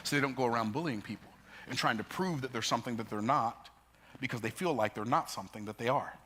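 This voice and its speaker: A man with a bright, forceful tone giving a preacher-like motivational talk. He tells stories from his own life with emphasis and builds toward the point. He often leaps into sudden high bursts. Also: fast, a little hiss or hum. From United States. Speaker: motivational speaker.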